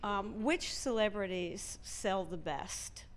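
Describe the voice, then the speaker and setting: A woman asking halting questions as the moderator of a panel talk. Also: mid-range voice, slight background noise.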